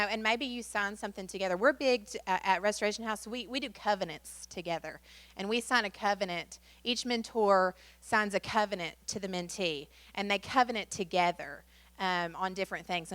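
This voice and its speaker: A woman's voice: mid-range voice, brisk, fairly bright tone, no room sound. A woman presenting a training workshop in a chatty way, with many fillers. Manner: chatty, many fillers, acts out quotes in story.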